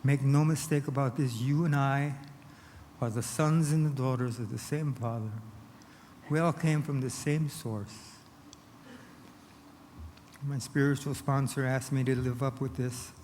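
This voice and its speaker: Earnest male speaker at a recovery meeting, mid pitch, long hall reverb. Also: fairly even intonation, unhurried, pauses often, a little hiss or hum. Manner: earnest, shifts from hushed to emphatic. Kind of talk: personal storytelling talk.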